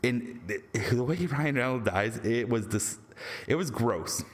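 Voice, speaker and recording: A young Canadian man rambles through a spoiler-filled movie review, casual and excitable, swearing freely and laughing a lot. His voice is medium-pitched and unhurried.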